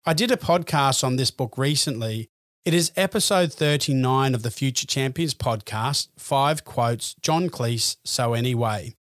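A man hosting a podcast, reading a scripted narration in an earnest, measured way. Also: medium pitch, fairly bright tone, no room sound, studio quality. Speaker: podcast host.

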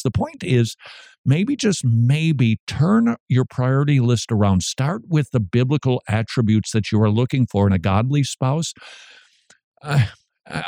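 A man's voice: medium pitch, darkish tone, no room sound. Man, Christian commentary host, wry and chatty, sarcastic asides, dry close sound. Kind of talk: casual commentary.

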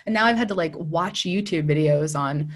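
Woman, 30s, podcast guest; animated, anecdotal, slightly low voice. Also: normal speed. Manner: animated storyteller, acts out quoted voices, laughs often. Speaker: data trainer and consultant. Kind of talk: casual podcast conversation.

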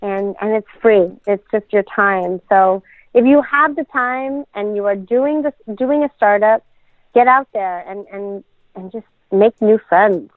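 A woman's voice: medium pitch, measured pace, no echo. Chatty woman podcaster on a tinny line. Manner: chatty, laughs often, many fillers. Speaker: podcast co-host, dental practice owner. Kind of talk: casual podcast chat. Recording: tinny phone-like sound.

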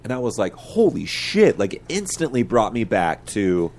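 A man co-hosting a podcast in relaxed, rambling casual chat, swearing freely as he talks. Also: on the low side, normal speed. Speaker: podcast co-host.

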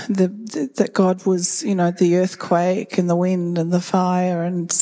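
A woman speaks in a mellow voice, reflecting earnestly and fast. She restarts now and then as she searches for words. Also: medium pitch. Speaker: church group member. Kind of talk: personal reflection.

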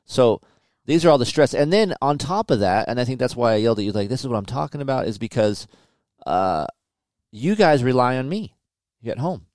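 A man's voice: medium pitch, normal speed, no room sound, clean studio sound. A middle-aged man hosting a podcast, talking candidly and with plenty of profanity about family pressures. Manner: candid, profane, animated storytelling. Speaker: podcast host. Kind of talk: casual chat.

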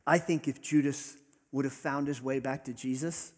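A man preaching a sermon as pastor, earnest, rising to emphatic peaks and dropping to soft asides. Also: medium pitch, steady tone, normal speed, slightly rough. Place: church hall with congregation. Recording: long reverb of a large hall.

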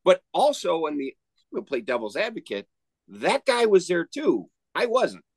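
A man's voice: high voice, huge pitch swings, measured pace, dry recording. A man co-hosting a podcast, telling a rambling story in casual chat with frequent restarts. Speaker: podcast co-host.

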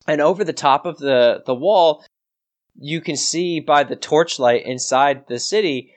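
A man's voice: fairly high pitch, a little slow. A man narrating a tabletop game as game master, rambling and hesitant with many restarts.

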